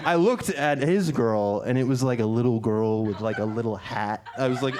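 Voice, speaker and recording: A man doing a stand-up set on a club stage, with a halting, self-deprecating delivery full of restarts. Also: on the low side. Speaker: stand-up comedian. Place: comedy club stage with audience. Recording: loud background noise, live club.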